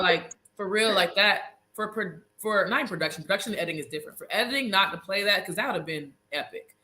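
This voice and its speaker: A woman in her thirties, bright and forceful in tone, recounting a story with lots of drama and casual asides to her viewers. She talks on a video call with an easy, chatty flow. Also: lowish voice. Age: 30s. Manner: animated, dramatic, addresses audience as y'all. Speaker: reality show cast member, guest; nurse.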